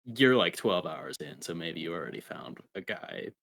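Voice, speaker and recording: A man's voice: low voice, sing-song, moderate pace, creaky, fairly bright tone. A young man co-hosting a gaming podcast, laid-back and hesitant, often trailing off. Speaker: podcast co-host. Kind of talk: casual gaming podcast chat.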